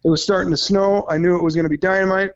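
A man in his thirties from Minnesota, a hunting guide telling stories casually, excitable and profane, laughing mid-story. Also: high voice, rapid-fire, lo-fi sound. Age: 30s.

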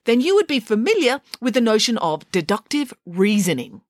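A haughty old queen who scolds and commands, as a woman voices her in a story reading. Her voice sits fairly high and moves in lively, lilting lines. The recording is close and dry, with no room around it. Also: moderate pace, no echo. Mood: imperious. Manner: imperious, scolding. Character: stern, haughty older queen.

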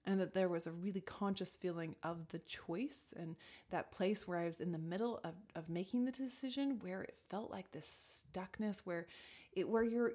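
A woman's voice: medium pitch, a little mellow, slightly rough. A woman talking reflectively about intuition and decisions, thoughtful, with frequent "like" and restarts, sometimes dropping to a near whisper. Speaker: speaker sharing personal advice. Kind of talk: reflective casual talk.

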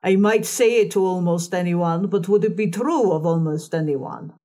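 A woman's voice: fairly low pitch, dark tone, natural voice. A woman playing a harsh old fortune-telling crone. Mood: probing. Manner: decided, deliberate, mocking.

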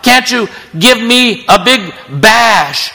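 A man's voice: very high voice, lively intonation, takes it slowly, pushed and bright, voice pushed up, exaggerated voice. A man putting on a whiny self-pitying prophet. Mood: pleading. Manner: whiny and pleading. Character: self-pitying, indignant male prophet begging for credit. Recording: long reverb in a large hall.

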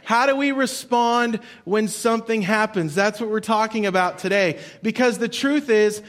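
A man's voice: high-pitched, moderate pace, hardly any pauses, fairly bright tone. A male pastor preaching a sermon in a conversational storytelling way, repeating his key points.

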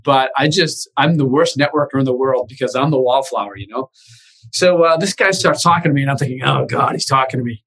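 A man with a Boston accent, a real estate investor being interviewed over a video call, telling lively stories and acting out quoted voices. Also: medium pitch, a little fast, breathy edge, poor audio. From Boston area, USA. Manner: animated anecdotes, acts out quoted voices. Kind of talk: casual interview storytelling.

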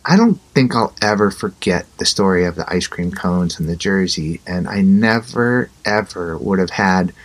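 Low-voiced man telling a story. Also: normal speed, hardly any pauses. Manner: animated, acts out both sides of dialogue. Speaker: interview guest. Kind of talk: conversational storytelling.

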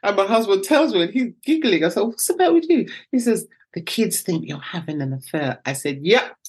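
A middle-aged British woman, a guest telling lively anecdotes and acting out the voices of the people in them. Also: medium pitch, fairly quick, husky. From United Kingdom. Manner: animated, acts out voices in her anecdotes. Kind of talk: storytelling interview.

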